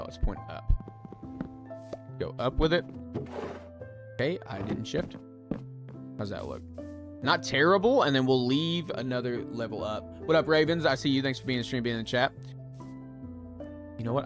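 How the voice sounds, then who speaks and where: A man casually thinking aloud while playing a building game live, poking fun at himself and chatting to his viewers. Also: mid-range voice. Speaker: streamer. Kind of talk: casual live gameplay commentary. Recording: music playing behind the voice.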